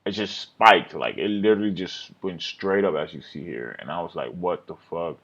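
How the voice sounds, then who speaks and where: A man's voice: deep voice, lively intonation, normal speed, gravelly, a bit bright, muffled recording. A man recapping his day trades over a screen recording, rambling, self-critical and swearing often.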